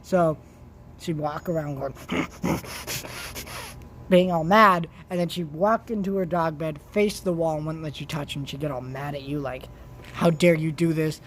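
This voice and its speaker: A young vlogger rambles through a story about home in a casual chat, restarting often and swinging animatedly between loud outbursts and quiet asides. The voice is mid-range at a normal speed, with long pauses and slight background noise.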